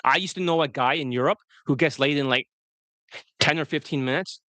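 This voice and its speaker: A man talking fast and rambling as a dating coach on a livestream, often breaking off mid-sentence. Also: fairly high pitch, pushed and bright, dry recording. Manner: fast, rambling, self-interrupting.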